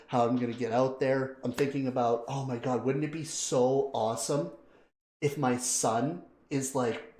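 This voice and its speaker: A man hosting a live stream, chatting casually and excitedly. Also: mid-range voice. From Canada. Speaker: live-stream reaction host. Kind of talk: casual live-stream chat, greeting viewers. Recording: roomy echo.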